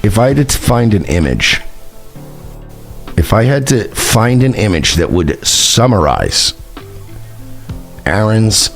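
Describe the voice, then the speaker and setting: A man's voice: on the low side, sing-song, slow pace, pauses often, soft background music. A man hosting his own online show, delivering a profane, mocking rant at a rival, taunting and sarcastic. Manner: sarcastic, taunting, swings between shouting and muttering.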